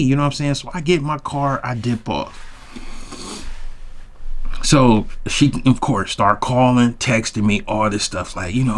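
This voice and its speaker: Host telling a wild personal story, loose and slangy, leaps into a high voice at the shocking parts. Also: male voice, normal speed. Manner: animated, slangy, jumps high when recounting shock. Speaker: podcast host. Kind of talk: casual storytelling.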